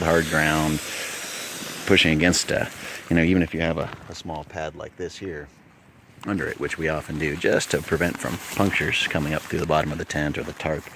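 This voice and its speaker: Inside a small tent, a gear reviewer with an extremely low-pitched voice casually walks through his camping equipment, filming on a phone he holds. His manner is chatty, folksy, and thinking-aloud, and the background is noisy.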